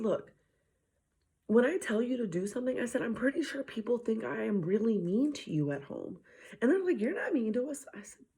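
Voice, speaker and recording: Husky woman telling a faith story. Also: medium pitch. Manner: animated retelling, dropping to a whisper at times. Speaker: mother sharing a faith message. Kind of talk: casual faith talk, storytelling.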